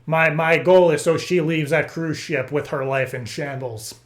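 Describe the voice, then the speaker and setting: A man making a prank phone call, rambling and stammering through deadpan absurd stories. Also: a little high, unhurried. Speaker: prank caller.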